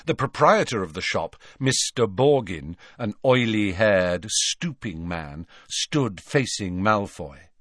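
This male audiobook narrator has a fairly low pitch and delivers the story in a measured, expressive fashion, captured as a dry recording with clean studio sound.

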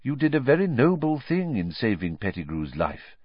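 Dumbledore, read by a man, quiet old wizard. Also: mid-range voice, big pitch swings, no echo, pitched above the performer's own voice. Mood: thoughtful. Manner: quiet, measured, gently wry. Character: very old headmaster wizard, calm and wise. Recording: slightly dull lo-fi audio.

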